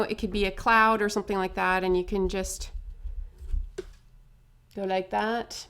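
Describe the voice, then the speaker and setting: A woman demonstrates face painting in a relaxed, chatty tutorial. She sounds upbeat and amused with herself, tossing in asides and quick checks with the viewer. Her voice sits at an ordinary middle pitch. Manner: chatty, upbeat, self-amused, many asides and tag questions.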